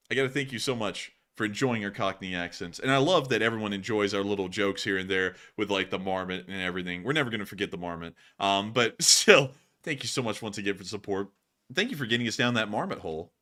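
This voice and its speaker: A man's voice: lowish voice, brisk, pushed and bright. A young man hosting a news livestream, talking in a loose, rambling way and laughing easily. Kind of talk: casual livestream chat.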